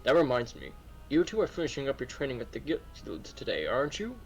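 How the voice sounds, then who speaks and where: A man voicing a stern but caring middle-aged father while reading game dialogue, with a steady, lecturing tone. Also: mid-range voice, fairly quick, soft background music, poor audio.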